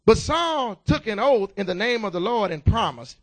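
A preacher with a high voice works through a sermon, circling back on his words and calling out to the congregation. He stammers into his points and builds to loud bursts. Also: big pitch swings, normal speed, few pauses. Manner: repeats words, calls out "y'all" and "amen"; stammering restarts, rising to shouts.

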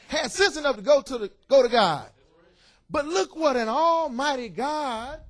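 Lively high-voiced preaching pastor. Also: male voice. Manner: lively, joking preaching with call-outs to the congregation. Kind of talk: sermon. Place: church.

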